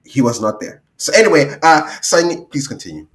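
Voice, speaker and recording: A man co-hosting a podcast in casual chat, animated and laughing, acting out what others might say. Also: a little high, a little fast. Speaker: podcast co-host.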